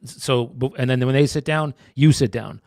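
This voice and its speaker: A man's voice: mid-range voice, moderate pace, vocal fry, darkish tone, no echo, studio quality. A man from New Jersey co-hosting a casual real estate chat, rambling and restarting his sentences, calling his partner brother. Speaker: real estate agent, co-host.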